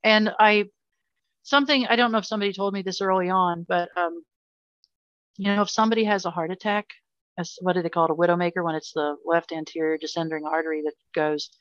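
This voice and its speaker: A woman's voice: lowish voice, steady tone, fast, no room sound. A middle-aged woman talking as an interview guest, earnest and emphatic, speaking with passion about hard personal experiences. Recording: slightly dull lo-fi audio.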